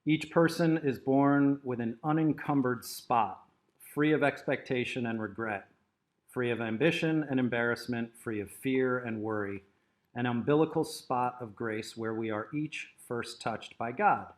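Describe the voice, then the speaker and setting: A middle-aged man co-hosting a talk, soft-spoken and easygoing, reading a passage aloud at a slow, measured pace. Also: mid-range voice. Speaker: co-host. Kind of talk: casual chat and reading aloud.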